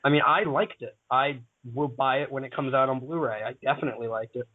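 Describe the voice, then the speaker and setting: A man in a casual podcast chat, animated and blunt, swearing as he retells scenes. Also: mid-range voice, quick pace, dry recording. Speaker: podcast panelist. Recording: tinny phone-like audio, dry.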